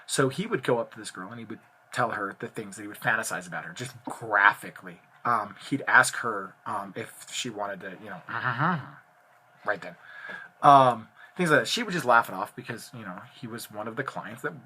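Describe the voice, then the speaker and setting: Husky, forceful man telling a story in class. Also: on the low side, lively intonation, normal speed. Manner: loose and chatty, with many filler ums. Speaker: teacher. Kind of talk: casual storytelling lecture to students. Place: at home. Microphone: phone.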